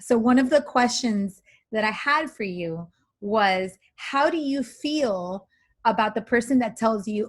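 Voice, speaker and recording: Woman host, a bit high-pitched, chatty with restarts, on a video call. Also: lively intonation, a little slow. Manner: chatty, laughing, scattered restarts. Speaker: interview host. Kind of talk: casual interview chat.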